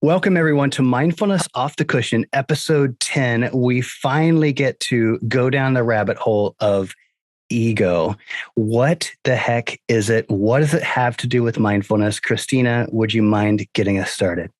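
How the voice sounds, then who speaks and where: A man's voice: medium pitch, measured pace, no echo, studio quality. A man hosting a podcast, welcoming listeners and introducing the episode's topic. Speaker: podcast host.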